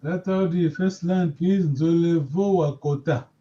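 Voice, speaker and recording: A man's voice: a little high, a little slow, mellow. A man teaching a live language lesson, patiently correcting his students' pronunciation with repeated prompts. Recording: dull lo-fi audio.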